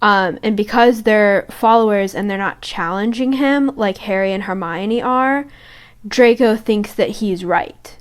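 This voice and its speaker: A young woman co-hosting a podcast, retelling book scenes in a casual, animated way. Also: medium pitch, measured pace, smooth. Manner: reads book quotes aloud, animated retelling. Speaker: podcast co-host. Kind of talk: casual fan discussion.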